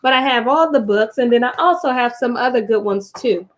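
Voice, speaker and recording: A woman's voice: fairly high pitch, brisk. A woman hosting a casual live stream, reading a book aloud to her viewers, chatty and prone to digressions and asides.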